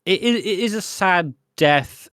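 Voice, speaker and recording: A man from the UK co-hosting a podcast, chatting casually about a soap episode and acting out lines with lively shifts in pitch. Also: a little slow, no echo, clean studio sound. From United Kingdom. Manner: animated, acts out quoted lines with shifting pitch. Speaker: podcast co-host.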